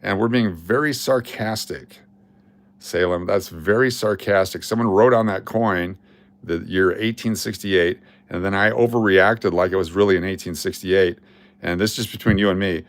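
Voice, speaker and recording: A man hosting a casual live coin-hunting stream, excitable and chatty with his viewers as he sorts rolls of coins. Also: low-pitched, normal speed, no echo. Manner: excitable, hypes finds, chats with viewers. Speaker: coin roll hunting livestream host.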